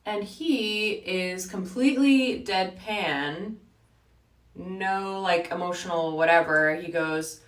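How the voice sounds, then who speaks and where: A woman's voice: lowish voice, takes it slowly, recorded from a distance. Chatty young woman in a roomy space. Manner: chatty, animated, lots of "like". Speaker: vlogger. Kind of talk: get-ready-with-me storytime.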